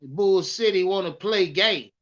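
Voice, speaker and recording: A man hosting a live stream, loudly hyped and swearing as he ranted about football and answered his chat. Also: high-pitched, measured pace, dull audio. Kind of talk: profane live-stream sports rant.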